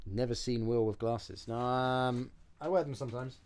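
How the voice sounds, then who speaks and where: Working on props during a live stream, a young man talks at a moderate pace in a medium-pitched, darkish voice with fairly even intonation. He's chatty and self-mocking, reading out chat messages, responding to them and poking fun at his own mess.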